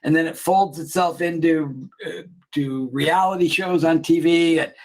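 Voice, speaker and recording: A man's voice: fairly high pitch, unhurried. A man co-hosting a casual chat who rambles through a comedy retelling, laughing often and acting out the lines. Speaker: podcast co-host.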